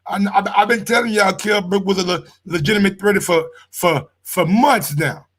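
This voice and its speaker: A man runs a sports reaction live stream. His voice sits fairly high for a man. He talks loudly and excitably, swears freely and calls out to his viewers as if they were in the room with him. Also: moderate pace. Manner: excitable, loud and profane, talks straight to viewers. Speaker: sports channel host.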